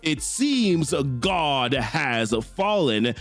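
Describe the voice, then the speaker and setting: A man playing a cold, ruthless warrior king with slow, solemn lines. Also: on the high side, very animated, fairly bright tone, faint music behind, exaggerated voice.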